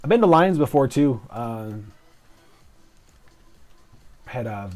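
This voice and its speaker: A man's voice: mid-range voice, expressive, takes it slowly, darkish tone, faint music behind. A man casually commenting while he plays a building game, mumbling, swearing and cracking jokes about himself, into a clip-on mic. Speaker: game streamer.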